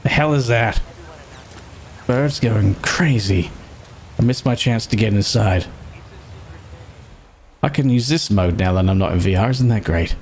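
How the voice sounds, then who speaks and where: Excitable British man commentating a game. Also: on the low side, measured pace, long pauses, slight background noise. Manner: excitable and sarcastic, swears freely. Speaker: gaming streamer. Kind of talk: casual gameplay commentary.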